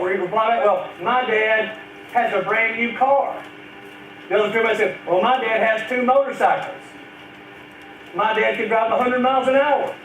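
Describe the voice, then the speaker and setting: High-voiced preacher in an echoey church. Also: male voice, a bit bright, a little hiss or hum. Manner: earnest, drawn-out emphasis on key phrases. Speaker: pastor. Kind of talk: sermon to a church congregation. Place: church sanctuary. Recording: echoey church recording from far off.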